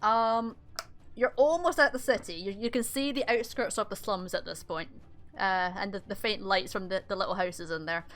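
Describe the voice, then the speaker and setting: A woman's voice: mid-range voice, moderate pace, a bit bright. A woman narrating as game master in a casual, rambling way with many fillers.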